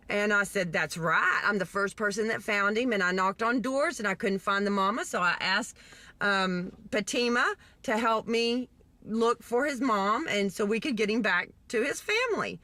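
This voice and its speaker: Woman, vlogger, from Texas, animated indignant storytelling, bright voice, dry close sound. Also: fairly high pitch, normal speed, dry recording. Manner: animated, indignant retelling with acted quotes. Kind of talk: storytelling vlog.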